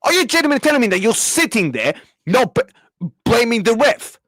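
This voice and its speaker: A man's voice: very high-pitched, sing-song, a little fast, a bit bright, dry recording, clean studio sound. A young man, ranting angrily at a football match and at viewers in his chat, repeating himself and swearing. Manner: angry, repetitive, swearing, talks back to chat. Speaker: football reaction streamer. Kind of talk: live match reaction rant.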